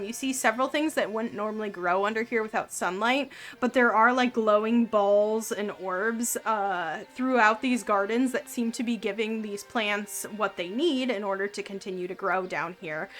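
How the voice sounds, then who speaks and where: A woman's voice: medium pitch, fairly bright tone. A woman narrating a tabletop game as game master, describing scenes in a casual, filler-heavy way.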